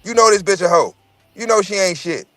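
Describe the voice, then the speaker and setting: Guy ranting and telling stories, swears a lot, kinda high voice, dry close sound. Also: fairly quick, sharp tone, no room sound, soft background music. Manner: profane, rambling storytelling with repeated words. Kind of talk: casual chat.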